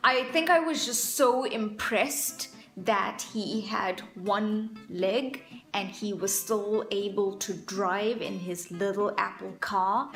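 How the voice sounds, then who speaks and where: A woman's voice: mid-range voice, takes it slowly, few pauses, a bit bright, faint music behind. A young adult woman vlogger talking in a playful, self-mocking, chatty way. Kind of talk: casual comic vlog. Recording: echoey room sound.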